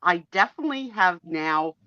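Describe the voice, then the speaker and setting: A woman in her sixties hosting a casual live-stream chat, talkative and quick to laugh. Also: fairly low pitch, no echo, dull audio. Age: 60s. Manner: chatty and animated, laughs easily. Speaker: host.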